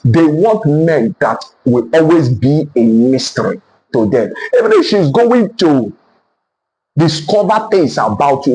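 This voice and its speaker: A man delivers relationship advice in a high voice that swings widely in pitch. He hammers his points home by repeating the same phrasing, and he speaks straight to the listener. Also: a little mellow, rough recording. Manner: emphatic and repetitive, lecturing the listener directly. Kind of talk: motivational relationship talk.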